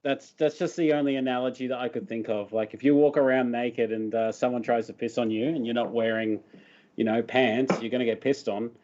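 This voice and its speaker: A man's voice: medium pitch, fairly even intonation, a little fast, darkish tone. Wry, laughing man on a noisy call. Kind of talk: casual group video chat. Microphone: video call. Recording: dull call audio with faint noise.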